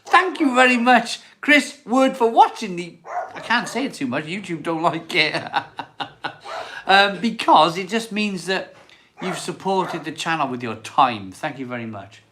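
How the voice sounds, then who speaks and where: Reading live chat on his beer channel, this man rambles through a casual stream, repeats himself, and laughs a lot. He speaks at a measured pace in a high-pitched, lively voice against a noisy background.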